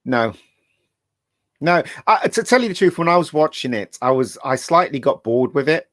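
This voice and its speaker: A man guest in a casual film chat, emphatic and quick to agree. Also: fairly high pitch, lively intonation, fairly bright tone, no room sound, clean studio sound. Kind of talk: casual chat about films.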